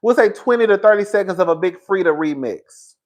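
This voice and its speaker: A young man hosting a casual gossip talk show, animated and campy, laughing loudly and using lots of slang. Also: sits high, a little fast. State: out of breath. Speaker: host.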